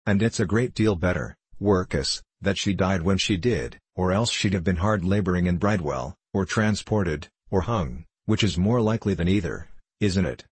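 A man's voice: low voice, animated, normal speed, husky, no room sound. A man voicing a spiteful teenage charity boy who taunts in a mocking tone. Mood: jeering.

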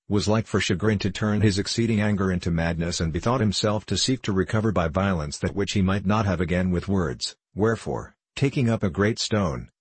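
A male narrator reads an old tale in measured, archaic storytelling. His voice is low and husky. The sound is dry and close. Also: no echo. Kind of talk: scripted narration of a classic tale.

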